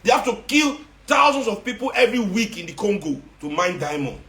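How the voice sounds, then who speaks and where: Man, Nigerian accent, higher voice, confrontational, sarcastic, Pidgin mixed in, echoey room. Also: sing-song, brisk, fairly bright tone. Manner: confrontational, sarcastic, repeats for emphasis. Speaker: activist speaking to followers. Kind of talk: impassioned monologue. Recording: roomy echo.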